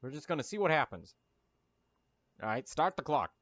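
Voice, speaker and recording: A man riffing comedically over a movie, his fairly high voice bouncing lively up and down as he rambles, stumbles and throws out absurd asides. The recording is close and dry with a dull, lo-fi tone. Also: moderate pace, no room sound. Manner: rambling, jokey, full of fillers and silly asides. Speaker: YouTuber.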